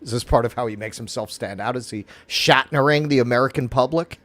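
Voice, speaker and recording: A man's voice: medium pitch, a little fast, fairly bright tone, no room sound. A man co-hosting a political stream, musing thoughtfully and telling anecdotes in casual talk. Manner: thoughtful, anecdotal, does voices in stories.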